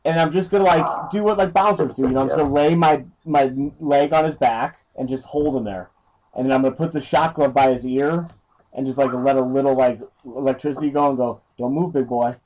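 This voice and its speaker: A man's voice: mid-range voice, brisk, a little mellow, low-quality recording. A man playing a tabletop game, casually describing what his character does. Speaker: player. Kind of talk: tabletop role-play banter.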